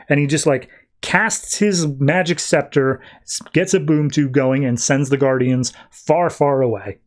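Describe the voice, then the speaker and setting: A man hosting a podcast, recapping a comic book casually and acting out the characters' lines in quick paraphrase, full of "like"s. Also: mid-range voice, fairly even intonation. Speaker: podcast host.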